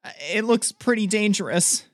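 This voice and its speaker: A woman's voice: medium pitch, normal speed, no echo, studio quality. A woman playing a tabletop game, thinking aloud hesitantly with restarts. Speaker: player.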